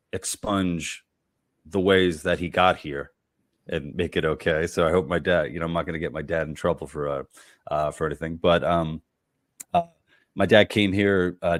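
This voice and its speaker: A man, a comedian, telling personal stories in relaxed conversation, halting with lots of fillers and repeated words. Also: sits low, dry recording, studio quality. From United States. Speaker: comedian guest.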